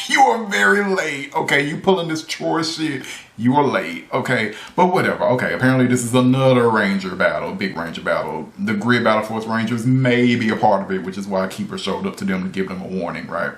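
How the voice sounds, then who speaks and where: A man's voice: lowish voice, a little fast, fairly bright tone. A man giving a casual, ranting video review, incredulous and exasperated, repeating himself, cursing and laughing. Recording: roomy echo.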